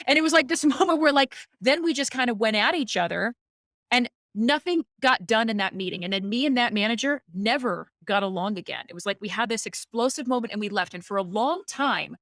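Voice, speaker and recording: Animated woman telling a workplace story. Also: a little high, brisk, dry recording, studio quality. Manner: animated, acts out quoted dialogue. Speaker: guest, company president. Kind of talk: conversational podcast storytelling.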